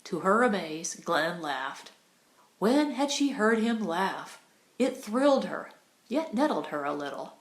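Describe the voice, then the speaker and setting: Reading scripted audiobook narration, a woman speaks at medium pitch with a measured, expressive storytelling delivery, and the recording has a roomy echo.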